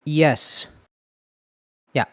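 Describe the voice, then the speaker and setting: A man from Canada hosting a casual gaming podcast, upbeat, laughing often and firing off quick questions. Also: fairly bright tone. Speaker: podcast host.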